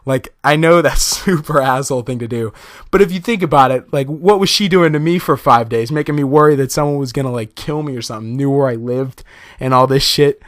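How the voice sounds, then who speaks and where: Young man, laid-back storyteller, mid-pitched voice, dry close sound, laughs a lot. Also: fairly quick, no echo. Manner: laid-back, chatty, laughs often, many fillers. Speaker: vlogger. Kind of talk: casual storytelling.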